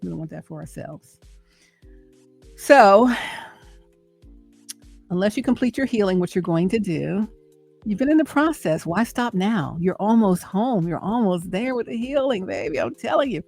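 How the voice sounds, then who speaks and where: A woman's voice: medium pitch, animated, normal speed, gravelly, long pauses, darkish tone, slightly rough, faint music behind. A middle-aged woman giving an encouraging faith talk, repeating her points and checking in with "right?". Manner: preachy and encouraging, repeats phrases, asks "right?". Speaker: host and speaker. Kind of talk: inspirational faith talk to camera.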